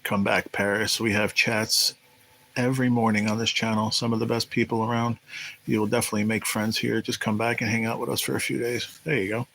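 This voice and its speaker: On a poor-quality recording, a man's gravelly, slightly bright, lowish voice moves a little fast with flat delivery. As host of a live stream, he chats casually, reads the chat aloud, and spins rambling, profane tales about working as a restaurant cook.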